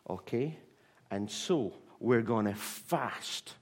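A man preaching a sermon, telling a Bible story in a lively way with restarts and fillers. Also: on the low side, slow.

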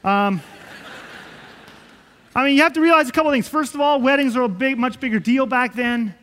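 A man with a high voice preaching to a congregation, telling the story with animated swings from loud bursts to quiet asides. His voice carries a long reverb from a church hall. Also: normal speed. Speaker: pastor. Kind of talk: sermon.

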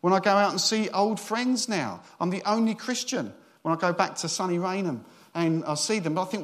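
A man's voice: high voice, fairly quick, hardly any pauses. A middle-aged man, a senior minister giving a sermon in a chatty, joking storytelling way.

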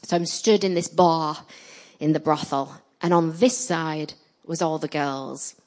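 A woman in her thirties preaching a sermon, telling personal stories with animated, emphatic delivery. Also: a little slow. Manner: animated storytelling, rising loud and emphatic at high points.

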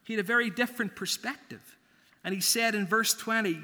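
A pastor preaching a sermon in a church, measured and deliberate, with long pauses for emphasis. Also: male voice, high voice, bright, forceful tone. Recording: long reverb of a church hall.

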